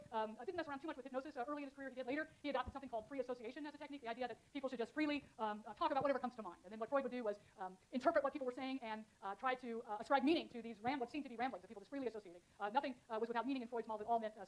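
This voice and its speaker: Woman lecturer talking really fast, bit higher voice, lots of ums, chatty explaining. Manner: fast, filler-heavy, conversational explaining. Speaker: university lecturer. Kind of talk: classroom lecture. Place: lecture hall.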